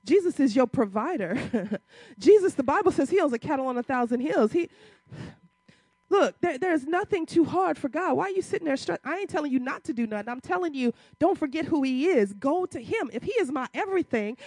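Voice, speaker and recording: High-pitched lady preaching hard, lots of questions, casual church talk, dry mic. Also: expressive, fairly quick, no echo. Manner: impassioned, rising to loud emphatic peaks; uses casual church vernacular, rhetorical questions. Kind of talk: sermon.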